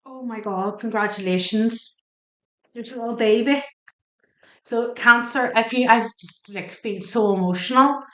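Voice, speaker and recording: A woman with a slightly high voice gives a spoken tarot reading at a measured pace, her sound roomy. She is chatty and emotional, questioning the cards aloud as she turns each one.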